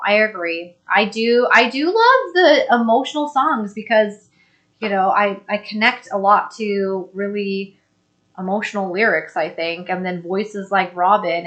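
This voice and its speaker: A woman hosting a live stream, chatting casually and reading viewer comments aloud in an upbeat, think-out-loud way. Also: mid-range voice. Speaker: host.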